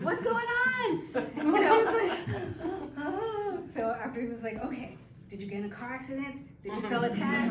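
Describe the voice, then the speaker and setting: A woman who owns a beauty spa, telling a story in an informal talk to a small gathering at her open house, chatty and laughing now and then. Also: on the high side. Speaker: spa owner and esthetician. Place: room at an open house party. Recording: echoey room from far off, background chatter.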